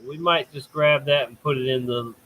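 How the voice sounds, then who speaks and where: A man's voice: medium pitch, steady tone, moderate pace, pushed and bright, rough recording. A talk show host on a call with headphones, chatting casually and mumbling while he clicks around.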